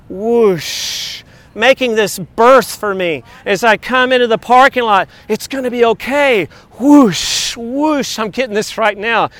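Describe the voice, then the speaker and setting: Middle-aged male pastor, high smooth tenor, animated sermon with sung lyric snippets. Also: dry recording. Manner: animated, sings along and speaks lyrics.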